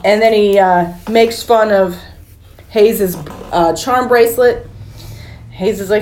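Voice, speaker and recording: A woman's voice: medium pitch, slow pace, pauses often, darkish tone. Woman recapping a movie, echoey room. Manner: long plot retellings, casual swearing. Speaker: podcast host. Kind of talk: casual movie recap chat. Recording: echoey room with faint noise.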